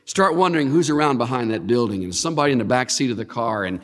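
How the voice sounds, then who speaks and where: A man preaching a sermon, reading scripture aloud and acting out quoted lines with an animated, swinging delivery. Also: fast, few pauses. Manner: animated, swings high and low to act out quotes. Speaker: pastor. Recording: long hall reverb.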